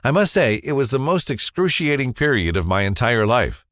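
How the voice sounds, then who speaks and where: A man's voice: medium pitch, very animated, normal speed, a bit bright, dry recording, studio quality. A man narrating a scripted first-person advertisement story in a dramatic, confessional storytelling manner.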